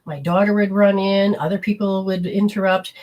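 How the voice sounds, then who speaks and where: A woman spiritual teacher giving a chatty, animated live-streamed talk to viewers, acting out little quotes and swearing casually. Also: mid-range voice, normal speed.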